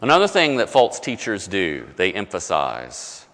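A man preaching a conversational sermon as pastor, often dropping low and soft to stress a point. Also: wildly swooping pitch, a little slow, long reverb tail.

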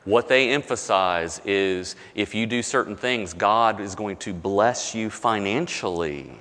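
Man preaching in a reverberant hall. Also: unhurried. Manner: conversational preaching, dropping low and soft for emphasis. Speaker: pastor. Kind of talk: sermon.

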